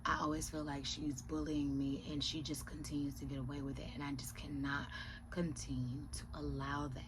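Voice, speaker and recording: A woman quoting an apologetic, hurt woman who explains herself softly in a low voice. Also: flat delivery, normal speed, noisy background, lightly acted.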